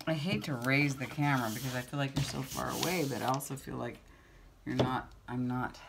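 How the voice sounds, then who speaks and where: A woman's voice: very deep voice, steady tone, a little fast, gravelly, noisy background. A woman chatting casually to her viewers while she works on a craft project, rambling and talking to herself as she goes. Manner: chatty, rambling, self-talk while working. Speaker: crafting vlogger. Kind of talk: casual crafting chat to camera. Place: home craft table.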